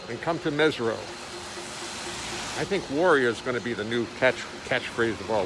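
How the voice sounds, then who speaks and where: This is a casual livestream chat from a musician in his home studio near a window, joking around and welcoming viewers by name. His voice is mid-range and slightly quick, over a noisy background.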